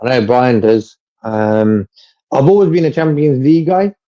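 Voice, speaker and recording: A man's voice: medium pitch, lively intonation, normal speed, warm tone. Rambling man on a dull lo-fi stream. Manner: rambling, repeats himself, laughs often. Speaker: co-host of a fan livestream. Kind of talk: casual chat.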